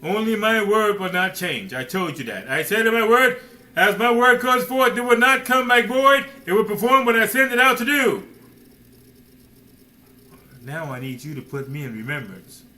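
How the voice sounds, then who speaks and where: Bright, lively male preacher. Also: high voice, normal speed, poor audio. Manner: emphatic preaching with rhetorical questions; addresses listeners directly as "man" and "son". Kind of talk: sermon.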